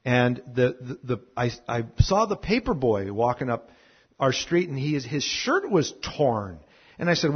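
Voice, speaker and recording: A man preaching a sermon full of personal stories, animated at moments and then dropping to a hushed tone. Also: medium pitch, a little slow, husky, highs cut off. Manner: animated storyteller who drops to a hushed tone. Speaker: pastor.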